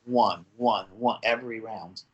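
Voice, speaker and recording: A man in his forties with a light New Jersey accent, reminiscing in lively casual chat on a podcast. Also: lowish voice, unhurried, slightly rough, highs cut off.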